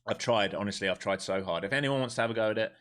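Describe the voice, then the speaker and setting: A man's voice: on the low side, very fast, fairly bright tone. A man live-streaming his day trading who talks bluntly, swears freely and fires questions at his viewers before answering them himself. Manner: wound up and emphatic.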